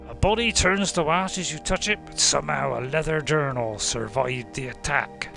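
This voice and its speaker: Man putting on a dwarf warrior, Scottish accent, gravelly, bright and forceful, blunt grumbling game commentary. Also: fairly high pitch, exaggerated voice. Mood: curious. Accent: put-on Scottish. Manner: plain-spoken, grumbling in-character remarks.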